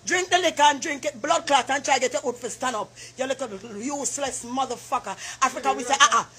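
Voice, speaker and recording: Loud cursing Jamaican woman, very high. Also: fairly quick. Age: 40s. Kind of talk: heated public argument.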